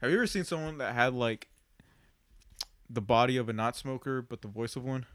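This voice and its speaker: A man's voice: mid-range voice, fairly quick, fairly bright tone, no echo, clean studio sound. A man co-hosting a podcast in casual chat, joking and teasing, laughing often. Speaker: podcast co-host.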